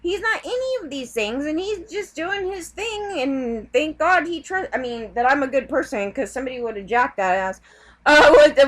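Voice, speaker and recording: A woman vlogger ranting in a heated, rambling way, swearing often. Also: sits high. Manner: heated, profane, rambling rant. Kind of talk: ranting vlog.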